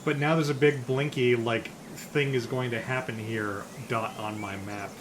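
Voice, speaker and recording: A man's voice: mid-range voice, fairly even intonation, normal speed, noisy background. A man playing a game on stream, chatting casually and dropping dry jokes. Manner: dry, joking asides. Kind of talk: casual chat while gaming.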